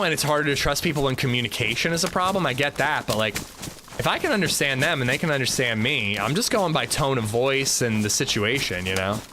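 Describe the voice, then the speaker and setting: A man casually commenting on his survival shooter game during a livestream, chatting with viewers and reacting out loud. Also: medium pitch, noisy background. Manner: chatty, reacts loudly, talks to chat. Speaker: streamer playing a survival shooter.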